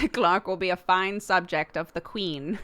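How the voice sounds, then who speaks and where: Chatty American woman streamer, lower voice. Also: a little slow, fairly bright tone. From United States. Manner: chatty, laughs often, talks to chat. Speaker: livestream host. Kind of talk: casual chat with viewers.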